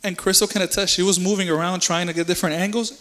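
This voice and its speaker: A man tells a heartfelt faith testimony in relaxed, slangy speech, stumbling and repeating himself when moved. His voice is bright and a touch high for a man. Long reverb from a large hall trails his words. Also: fast. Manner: earnest and emotional, casual slang, repeats words. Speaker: church member giving a testimony.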